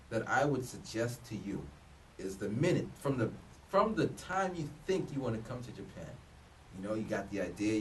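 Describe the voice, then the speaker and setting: A man in his thirties giving casual advice to the camera, loose and joking, often restarting his sentences. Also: on the low side. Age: 30s. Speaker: vlogger giving job advice. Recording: voice a bit distant from the mic, faint room noise.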